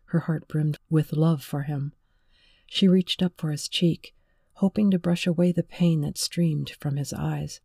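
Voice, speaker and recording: A woman reading a romance novel aloud in measured, emotive scripted narration. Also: low voice, steady tone, gravelly, warm tone, husky, dry recording, clean studio sound. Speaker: audiobook narrator.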